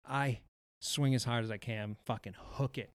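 A man co-hosting a podcast, telling a golf story in casual chat, animated and profane, acting out what people said. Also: mid-range voice, moderate pace, clean tone, no room sound. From Wisconsin. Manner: animated, profane, acts out quotes. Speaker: podcast co-host.

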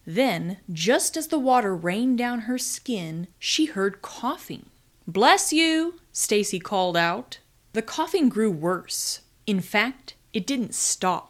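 A woman host reading her own scripted story aloud, with dry comic timing and dramatic pauses. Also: a little high. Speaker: podcast host and story writer.

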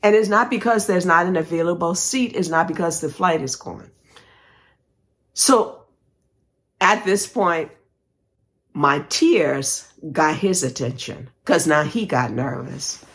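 Woman, podcast host, faith testimony, emotional storytelling, slightly low voice. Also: slow. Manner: emotional, animated retelling with praise interjections.

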